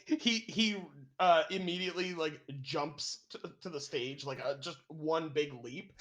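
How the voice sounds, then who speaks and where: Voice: mid-range voice, a bit bright. A player in a tabletop game, speaking hesitantly and describing their character. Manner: hesitant, slow. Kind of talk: casual tabletop play.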